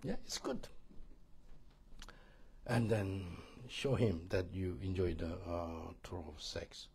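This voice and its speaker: A man's voice: low voice, takes it slowly, darkish tone, slight background noise. A middle-aged man with a Korean accent, a pastor teaching a marriage course in sermon style, emphatic and repetitive, often checking that listeners understand.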